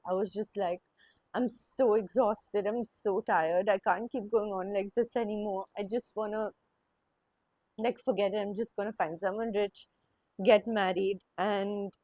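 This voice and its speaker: A young woman speaking in an emotional, halting personal monologue, with sighs and restarts. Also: medium pitch, a little mellow, no room sound. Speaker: vlogger.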